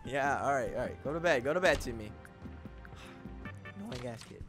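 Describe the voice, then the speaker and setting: A man's voice: medium pitch, normal speed. A man giving casual horror game commentary, jumpy, swearing and joking at the game. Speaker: gaming video creator. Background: game music.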